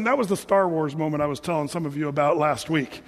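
High-voiced preacher in an echoing hall. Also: male voice, fast talker, few pauses. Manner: animated storyteller, acting out scenes. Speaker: pastor. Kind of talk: sermon storytelling. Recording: long hall reverb.

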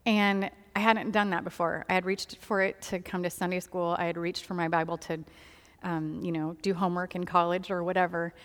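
A woman telling a personal faith testimony, candid and earnest, laughing softly now and then between many fillers. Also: on the low side, flat delivery, brisk, big-room sound. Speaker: speaker sharing a personal testimony.

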